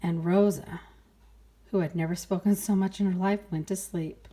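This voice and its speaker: A woman reading a children's picture book aloud, playful and expressive, sighing and exclaiming along with the story. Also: on the low side, normal speed.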